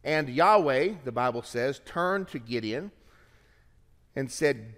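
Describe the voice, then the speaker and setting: A man preaching a sermon as pastor, reading scripture aloud with lively shifts of pace and emphasis. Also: mid-range voice, slow pace, in a large hall.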